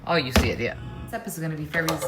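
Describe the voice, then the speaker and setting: A cooking show host with a deep, animated voice talks very fast over loud music as she cooks at her kitchen stove. Chatting frankly to viewers in this casual demonstration, she is accompanied by clear sizzling and frying, stirring and clicks.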